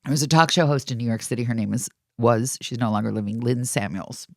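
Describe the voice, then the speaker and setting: A woman's voice: extremely low pitch, quick pace, dry recording, studio quality. A woman in her seventies, a talk radio host, telling stories in a casual interview with playful vocal impressions.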